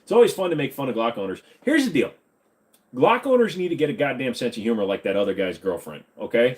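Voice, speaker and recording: A man's voice: mid-range voice, very animated, quick pace. A man in his forties hosting a casual live-stream Q&A at his computer desk, reading comments aloud and joking and teasing. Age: 40s.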